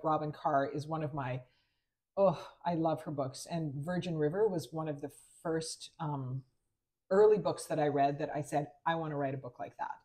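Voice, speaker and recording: A woman novelist co-hosting a casual chat podcast, a lively storyteller who slips into the voices of people she quotes. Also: low-pitched. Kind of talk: casual chat over wine.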